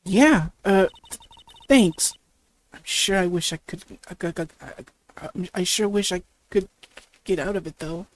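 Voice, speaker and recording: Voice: mid-range voice, a little slow, natural voice. A reader voicing a young female defense attorney on her first case, unsure and stammering, in a visual novel game. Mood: nervous. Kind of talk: reading game dialogue aloud.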